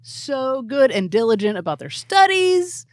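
A woman co-hosting a casual movie podcast, playful and animated as she tells a story. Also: high voice, a little slow, a loud crowd. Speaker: podcast co-host.

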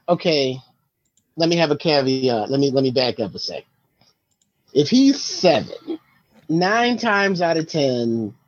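A woman co-hosting a casual podcast chat as a parent, relaxed and agreeable, trailing off into asides. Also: lowish voice, highs cut off.

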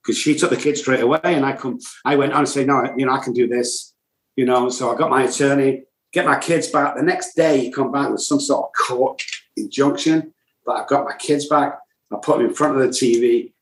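A man's voice: medium pitch, fairly even intonation, brisk, echoey room, rough recording. A middle-aged man, telling his own recovery story in a blunt, intense way as a podcast guest. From England. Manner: blunt, intense, self-described loud and cocky. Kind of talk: emotional personal storytelling.

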